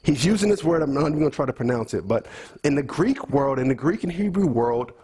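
A man's voice: fairly high pitch, lively intonation, quick pace, dark tone, breathy edge. A man giving a conversational Bible teaching in an earnest way, repeating key phrases and quizzing his listeners.

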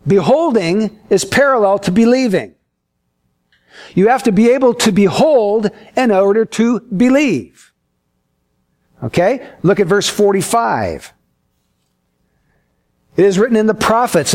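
A man delivers a sermon in a fairly high, lively voice. He tells stories with energy and acts out the different voices in them. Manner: expressive storyteller, acts out quoted voices. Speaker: pastor.

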